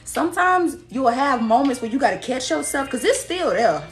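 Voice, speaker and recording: A woman's voice: sits high, big pitch swings, normal speed, faint music behind. Sassy blunt woman giving a reading. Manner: sassy, blunt, laughs often, acts out quoted people. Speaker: tarot reader. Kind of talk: casual spiritual reading to viewers.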